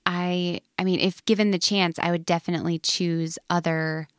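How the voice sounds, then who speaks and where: A woman's voice: lowish voice, flat delivery, normal speed, no echo, studio quality. A woman co-hosting a podcast, chatting casually and responding with frequent short agreements. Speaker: podcast co-host. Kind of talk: casual chat.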